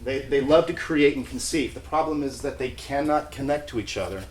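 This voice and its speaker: A man with a mid-range voice delivers an invented pitch in a deadpan corporate tone, with chuckles slipping through. The room gives his voice a noticeable echo. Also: brisk. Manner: mock-earnest corporate tone with chuckles. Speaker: pitch presenter. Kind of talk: improvised comic pitch. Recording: echoey room.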